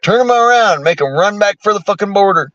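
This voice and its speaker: A man's voice: high voice, expressive, a little fast, fairly bright tone, no echo, muffled recording. A man in his thirties ranting angrily about politics, profane, heated and sarcastic. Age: 30s. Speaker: streamer. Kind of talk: angry political rant.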